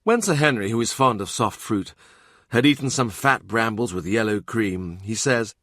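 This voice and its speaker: A man's voice: fairly low pitch, lively intonation, normal speed, fairly bright tone, no room sound, clean studio sound. A man narrating a historical novel audiobook in a vivid, dramatic reading. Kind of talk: scripted narration.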